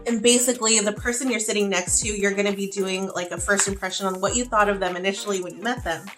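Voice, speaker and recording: A woman's voice: medium pitch, steady tone, fast, music in the background. A woman beauty vlogger chatting casually through a get-ready-with-me video, talking in a loose, chatty way full of "like" fillers. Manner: chatty, heavy use of "like" fillers.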